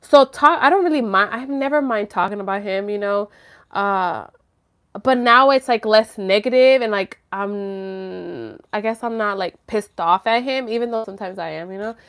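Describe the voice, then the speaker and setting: Her mid-range voice is fairly bright and clean, moving at a moderate pace, as this young streamer casually responds to viewer chat. She's candid and slangy, leans on fillers, swears once in a while, and laughs nervously when flustered.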